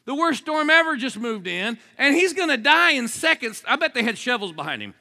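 A man preaching an energetic sermon, joking with the crowd and swinging between low asides and shouted exclamations. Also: fairly quick, creaky. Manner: jokey, asks the crowd for responses.

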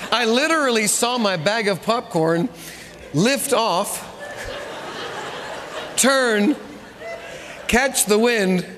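High-voiced preacher in a reverberant hall. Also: male voice, slight background noise. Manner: animated storytelling, repeats phrases for emphasis. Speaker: pastor. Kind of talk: sermon. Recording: long reverb of a large room.

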